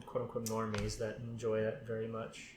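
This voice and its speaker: A man co-hosting a podcast, joking around in casual chat with quick asides. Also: fairly low pitch, completely flat delivery. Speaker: podcast co-host. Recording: echoey room, faint noise.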